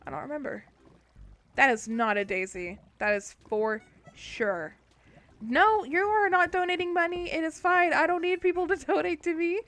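A sleep-deprived woman streaming a game, chatting casually and breaking into loud startled yelps. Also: sits high. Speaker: gaming streamer. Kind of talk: casual livestream chat.

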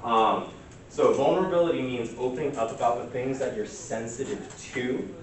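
A man's voice: medium pitch, normal speed, crowd noise. A man leads a church workshop in a candid, conversational way, thinking aloud as he explains. His mid-range voice is picked up from a distance. A heavily reverberant room and a faint background hiss surround it. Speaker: workshop presenter.

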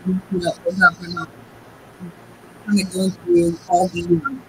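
A woman in her forties, a guest telling a personal family story in a rambling, halting way, tearful at times. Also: on the low side, little pitch movement, darkish tone, a little hiss or hum, poor audio. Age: 40s. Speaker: guest, cigar business owner.

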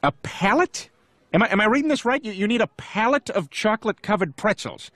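A man voicing a loud, goofy middle-aged family man in a cartoon, blustering and stammering. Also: high voice, big pitch swings, fairly quick, dry recording. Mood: baffled. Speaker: director on set. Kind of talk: cartoon voice acting.

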